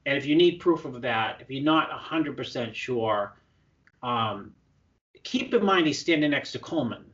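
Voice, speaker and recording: A male coach in a casual interview, telling stories in an animated, excitable way with many restarts. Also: medium pitch, moderate pace, far from the mic, dull audio. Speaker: prep coach.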